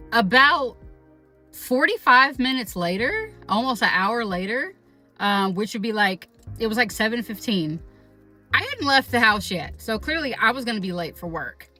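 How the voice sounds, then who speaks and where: Bright-voiced woman telling a story. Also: high-pitched. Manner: animated, profane, quotes people in raised voice. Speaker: vlogger. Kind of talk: casual storytime.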